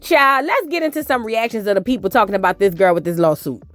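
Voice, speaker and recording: A woman's voice: mid-range voice, fast talker, fairly bright tone, soft background music. A woman hosting a gossip reaction show, blunt and sassy with lots of slang. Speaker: reaction channel host. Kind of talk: gossip commentary.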